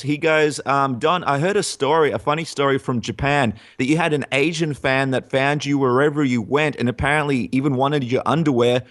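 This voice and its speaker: A man hosting a casual interview, upbeat, asking questions and reading fan questions. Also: mid-range voice. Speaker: podcast host.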